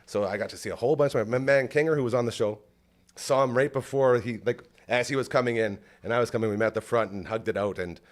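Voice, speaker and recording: At a quick pace and medium pitch, a male podcast host recounts something emotional, chatting casually and rambling with plenty of "like."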